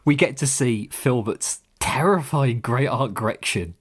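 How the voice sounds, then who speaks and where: A man's voice: medium pitch, a little slow, slight background noise. A man in his thirties co-hosting a podcast in casual chat, laughing often as he talks. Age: 30s. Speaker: podcast co-host.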